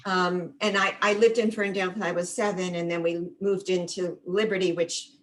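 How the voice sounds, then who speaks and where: A woman's voice: lowish voice, fairly even intonation, normal speed, poor audio. An older woman from the Catskills in New York, speaking up from the audience in a casual, chatty way and recounting detailed memories. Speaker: audience member commenting. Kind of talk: casual chat.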